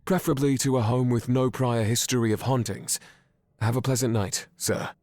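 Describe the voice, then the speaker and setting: A man's voice: mid-range voice, steady tone, moderate pace, darkish tone, a little hiss or hum, lightly acted. An actor playing a formal, condescending male phone operator with a put-on British accent in a game.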